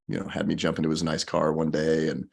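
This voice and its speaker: A man's voice: rumbling low, fast talker, creaky. A man from Colorado, a podcast guest, telling his story in conversation and acting out the people he quotes. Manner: animated, acts out quoted people.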